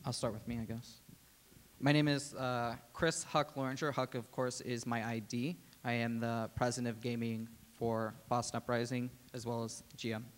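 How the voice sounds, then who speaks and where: A man addressing the press as a team president, speaking in a measured way with frequent "um"s. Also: medium pitch, level tone. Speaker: team president and general manager. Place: media day press table. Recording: reverberant hall.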